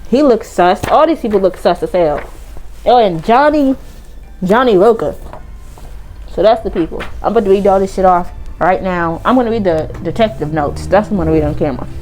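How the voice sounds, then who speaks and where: A woman's voice: medium pitch, expressive, brisk, a little mellow, soft background music, poor audio. A woman giving casual let's-play commentary as a gaming vlogger, blunt and slangy, swearing freely.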